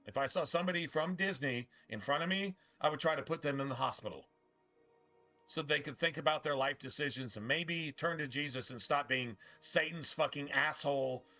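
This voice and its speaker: A man streaming a game gives rambling, bitter commentary laced with swearing and frequent restarts. His voice is on the high side with a sharp tone at a moderate pace, recorded lo-fi with faint music behind.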